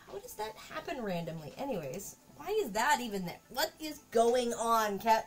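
A woman's voice: on the high side, very animated, a little slow, soft background music. A woman streaming from her home craft workspace, chatting casually and talking to her cat while she works. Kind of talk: casual live-stream chat.

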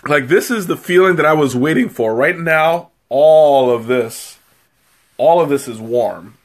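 On a live stream, a man tastes spicy tea that leaves his nose running, and he talks in a rambling, casual way. His voice sits a little high, with lively intonation and a slightly slow pace. He laughs at himself and giggles frequently.

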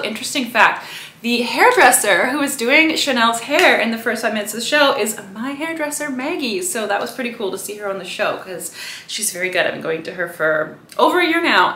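Chatty woman vlogger, bright voice. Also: mid-range voice, slight background noise. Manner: chatty, peppers speech with "right?" and "you know". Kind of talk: casual chat to camera. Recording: roomy echo.

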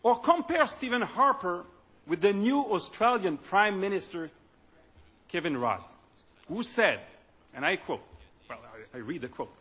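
High, bright, husky political speaker. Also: male voice, big pitch swings. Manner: emphatic, with halting repetitions. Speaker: political party leader. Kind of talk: political speech.

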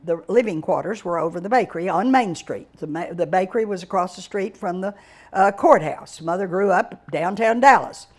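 An older woman from Texas, giving a digressive storytelling lecture with dramatic exclamations and drawn-out words. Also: fairly low pitch. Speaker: guest speaker reviewing a book.

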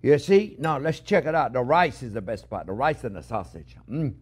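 Animated chatty man chef. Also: medium pitch, moderate pace, breathy edge. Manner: animated and chatty, with many fillers and repeated exclamations. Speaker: chef hosting a cooking show. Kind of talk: casual cooking demonstration.

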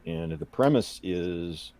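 Deep-voiced man explaining things. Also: expressive, takes it slowly, dark tone. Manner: thoughtful, explains at length. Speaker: watch party guest. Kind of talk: casual group chat.

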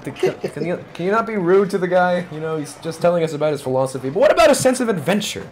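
A young man playing a tabletop game, chatting casually, animated, laughing and swearing often. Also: sits high, fast, a little hiss or hum. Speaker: player.

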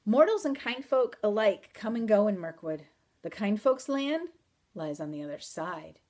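A woman reading aloud in the voice of a mysterious, teasing wandering man with calm, old-country phrasing. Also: mid-range voice, moderate pace. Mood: wry. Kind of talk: audiobook reading.

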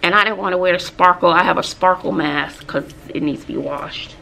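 A woman's voice: fairly low pitch, brisk, creaky, a little hiss or hum. A woman, chatting casually in a vlog. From Texas, USA. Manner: chatty, animated storytelling with asides. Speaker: vlogger and teacher.

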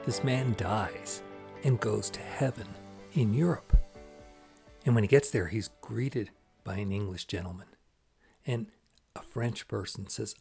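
Husky, low-voiced male spiritual host. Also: moderate pace, a little mellow, soft background music. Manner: jokey, enthusiastic storytelling. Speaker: host and channeler. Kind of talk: casual spiritual talk.

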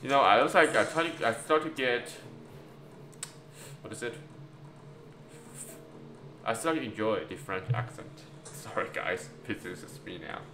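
A man's voice: mid-range voice, expressive, a little slow, long pauses, noisy background. Chatty man commentating a card game. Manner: chatty, reacting aloud to a card game, addressing viewers as guys. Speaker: gameplay youtuber. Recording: roomy echo with loud background music.

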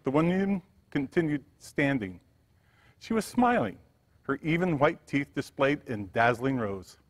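A male pastor reading a story aloud in a sermon with expressive storytelling. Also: mid-range voice. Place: church sanctuary. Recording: church hall reverb.

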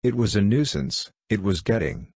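A man's voice: fairly low pitch, lively intonation, moderate pace, darkish tone, no room sound, studio quality. A man voicing a hot-tempered Irish army officer, defiant and reckless, with an Irish accent.

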